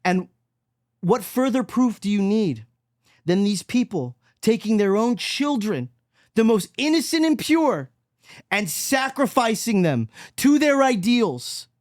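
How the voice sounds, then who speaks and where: A man hosting a solo podcast monologue, preachy and emphatic, swinging between loud mockery and low, quiet intensity. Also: big pitch swings, slow, no room sound, clean studio sound. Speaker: podcast host.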